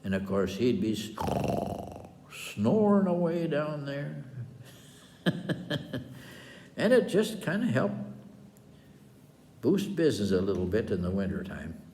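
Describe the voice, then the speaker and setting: An older man from Wisconsin tells rambling, folksy stories in a slow, unhurried way. His pitch swings up and down with a lively lilt, and his chuckles and asides come through an echoey room with a long reverb tail. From Wisconsin, USA. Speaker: storyteller. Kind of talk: folksy storytelling for children.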